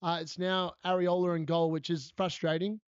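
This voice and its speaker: A man talks casually on a live stream, laughing often as he tells stories and answers viewers. His voice sits high and comes through dry and close. The audio is slightly dull and lo-fi. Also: little pitch movement, moderate pace, smooth, no echo. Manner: chatty storyteller, laughs often, answers chat. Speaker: fantasy football streamer.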